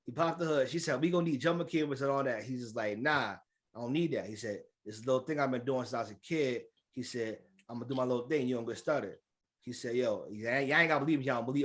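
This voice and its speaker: A man co-hosting a podcast in casual chat, an animated storyteller who laughs and acts out the people he quotes, with speech. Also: mid-range voice. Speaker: podcast co-host.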